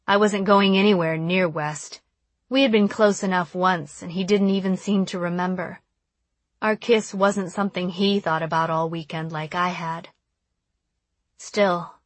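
Soft-spoken woman narrating an audiobook. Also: fairly low pitch, no echo. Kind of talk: first-person audiobook narration.

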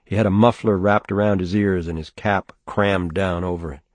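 A man narrating a novel in a measured, steady audiobook reading on a close mic. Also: low-pitched, no room sound. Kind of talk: scripted narration.

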